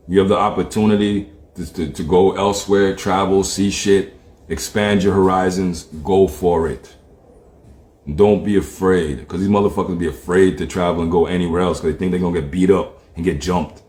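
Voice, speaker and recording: A man's voice: low-pitched, darkish tone, echoey room. A man from Jamaica with a Jamaican accent, ranting bluntly on a livestream, swearing, laughing often and slipping into patois. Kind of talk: profane livestream rant.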